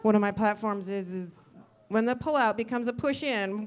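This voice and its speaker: On a club stage, a middle-aged woman performs a rambling, self-deprecating stand-up set, acting out quotes in a medium-pitched voice at a moderate pace. Audience laughter sounds in the background.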